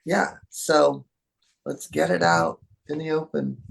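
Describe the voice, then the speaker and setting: A woman guest in an interview, an animal communicator talking in a lively way and acting out what animals think. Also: low-pitched, slow, vocal fry. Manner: animated, acts out animal thoughts in voices. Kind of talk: conversational interview.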